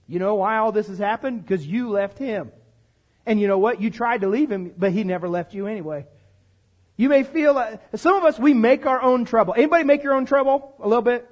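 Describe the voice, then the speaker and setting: A male pastor with a strikingly high voice delivers a lively sermon. He jokes with the congregation and asks them to answer back. He sounds middle-aged. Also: fairly quick.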